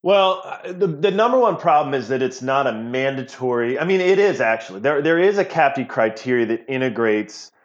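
This physical therapy professor, a middle-aged guest in a casual interview, has an expressive, medium-pitched voice. He talks a little quickly with hardly any pauses, explaining things at length and repeating words along the way. Sound quality is slightly dull and lo-fi.

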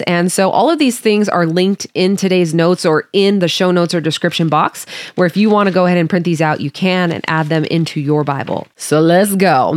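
A woman's voice: lowish voice, dry recording, studio quality. A woman hosting a Bible study podcast, reading scripture aloud and explaining it in a friendly way. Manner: friendly, explaining her study tools to listeners.

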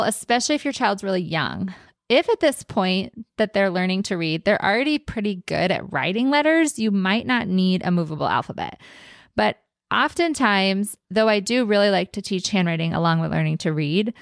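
A woman's voice: mid-range voice, gravelly, no echo, clean studio sound. A woman hosting a podcast, explaining in a casual teaching tone and stretching out words for emphasis. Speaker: podcast host.

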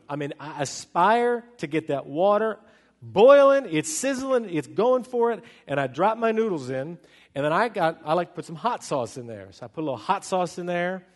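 A middle-aged man preaching a sermon as pastor, telling stories with animated swings from loud excitement to hushed, slow speech. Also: on the high side, long reverb tail.

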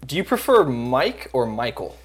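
A man's voice: mid-range voice, very animated, moderate pace, husky. A young adult man hosting a casual chat, easygoing and encouraging toward his guest. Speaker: host.

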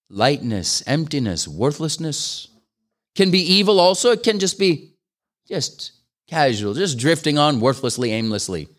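An older man preaching a sermon, earnest and pleading, pressing his listeners with questions that rise into fervent appeals. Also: fairly high pitch. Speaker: guest preacher.

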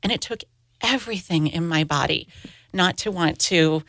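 A woman's voice: fairly low pitch, moderate pace, a bit bright. A middle-aged woman and grief coach, telling her own story candidly as a guest on an interview podcast.

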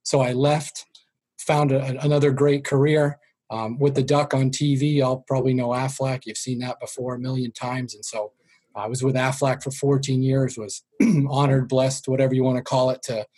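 A man's voice: medium pitch, little pitch movement, moderate pace, a little mellow. A middle-aged man with a Boston accent, a sales trainer telling his career story in an interview, joking and dropping his voice to quote his parents. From Boston area. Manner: self-deprecating, jokey, drops voice for quoted parents.

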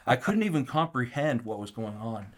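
A man telling a story as an interview guest, animated and acting out the quotes, with frequent restarts. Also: medium pitch, moderate pace. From Kansas City area.

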